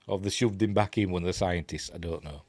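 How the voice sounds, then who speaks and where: Low-voiced Yorkshire man rambling through a film. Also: fast talker, a little mellow, no echo. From Yorkshire, England. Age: middle-aged. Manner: rambling and chatty, lots of ums, dry wry jokes. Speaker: film review host. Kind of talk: casual film commentary over footage.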